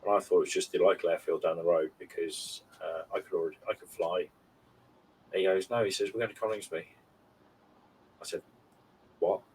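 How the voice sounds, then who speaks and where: A man's voice: low-pitched, steady tone, normal speed, pauses often, darkish tone. A man in his forties on a podcast, telling stories in a rambling, heartfelt way with many fillers. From United Kingdom. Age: 40s. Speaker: podcast co-host. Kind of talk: casual chat. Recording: slightly distant mic with faint background noise.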